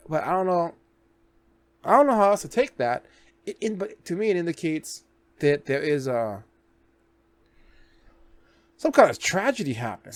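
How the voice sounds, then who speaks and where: A man's voice: on the high side, no room sound. Rambling man recapping a show. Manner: rambling, full of restarts, swears casually. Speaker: reaction video host. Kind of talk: casual recap and commentary.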